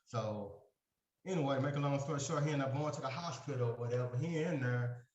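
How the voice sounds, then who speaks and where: A man's voice: mid-range voice, a little fast, darkish tone, roomy sound, lo-fi sound. A man telling a long personal story in a support group, rambling, with lots of fillers, and acting out the conversations he recalls. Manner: rambling, filler-heavy, acts out the dialogue he retells. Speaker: group member sharing his story.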